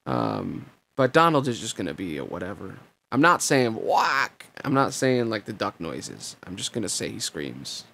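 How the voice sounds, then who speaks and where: A man's voice: on the low side, huge pitch swings, normal speed, creaky, bright, forceful tone. A man hosting a podcast where he reads a novel aloud, musing casually and self-deprecatingly on what he just read. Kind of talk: casual rambling afterthoughts.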